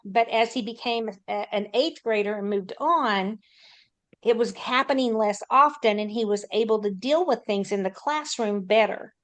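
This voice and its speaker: A woman's voice: fairly high pitch, moderate pace. A woman who works as a school counselor, telling a matter-of-fact anecdote in a panel talk.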